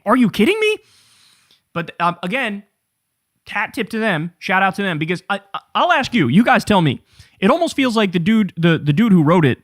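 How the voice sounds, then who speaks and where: A man in his thirties hosting a casual political commentary show, ranting with sarcasm and plenty of swearing. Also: extremely high pitch. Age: 30s. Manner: profane, animated, sarcastic ranting.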